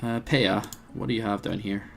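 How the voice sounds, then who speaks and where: A man's voice: fairly low pitch, steady tone, moderate pace, creaky. A man commentating his own strategy game, thinking aloud with plenty of hesitations and wry asides. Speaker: let's play host.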